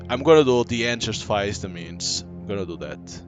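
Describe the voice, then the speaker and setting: A man gives loose, casual commentary over a game, reading its text aloud and dropping quick asides between the lines. His voice sits on the low side and his phrasing halts and restarts. Faint game music plays quietly underneath. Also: lively intonation. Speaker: gameplay commentator.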